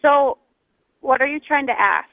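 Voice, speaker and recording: A woman's voice: high-pitched, a little slow, gravelly, no echo. A woman working as a gas station clerk, answering a call in a patient, plain and slightly hesitant way. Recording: dry phone line.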